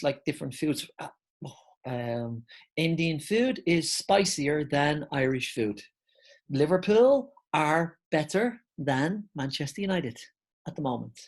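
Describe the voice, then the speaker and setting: A woman teaching an online English grammar lesson, explaining step by step and calling her viewers guys. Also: low voice.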